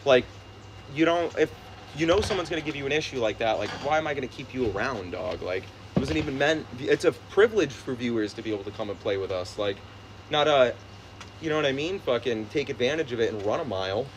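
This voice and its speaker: A man's voice: medium pitch, quick pace, poor audio. A young male streamer in casual, profane chat with friends, telling stories with lots of energy. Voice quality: profane, animated storytelling. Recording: faint background noise.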